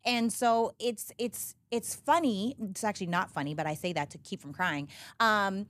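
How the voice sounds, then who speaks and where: A woman guest on a podcast, talking candidly in animated, emphatic bursts with frequent restarts. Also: mid-range voice, normal speed. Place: podcast studio. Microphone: studio podcast mic. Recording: dry close studio sound.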